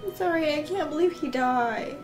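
A woman's voice: high-pitched, normal speed, soft background music. A young woman hosting a movie reaction, chatting emotionally and laughing often. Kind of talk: casual reaction commentary.

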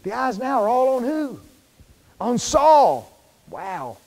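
A man with a high voice preaches a sermon, chatty and folksy, quizzing his congregation as he goes. His voice carries a long reverb from the church hall. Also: sing-song, takes it slowly, darkish tone. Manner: conversational, quizzes the congregation with fill-in questions; folksy, informal wording. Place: church sanctuary.

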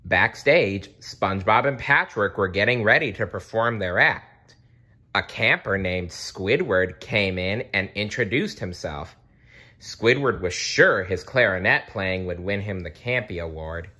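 Deep-voiced man reading a kids' book. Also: unhurried. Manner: expressive, occasional slips and self-corrections. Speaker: storybook reader. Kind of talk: children's book read-aloud.

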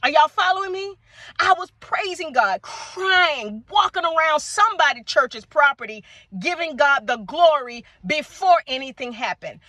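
A middle-aged woman, telling her faith testimony to viewers in an animated, preacher-like way and calling them y'all. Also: high-pitched, moderate pace, dry recording. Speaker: vlogger sharing a faith testimony. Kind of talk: casual testimony talk to viewers. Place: outdoors at sunset.

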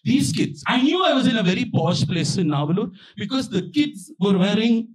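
A man's voice: high-pitched, normal speed, rough recording. A young man performing a stand-up set, telling a story and acting out the people in it. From India. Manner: animated storytelling, acting out quoted voices. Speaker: stand-up comedian. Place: small outdoor backyard venue with live audience.

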